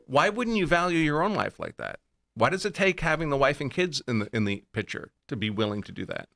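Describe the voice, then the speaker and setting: Bright-voiced man arguing a point. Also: on the high side, animated, a little fast, vocal fry. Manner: argumentative, poses rhetorical questions. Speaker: podcast guest. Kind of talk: political panel talk.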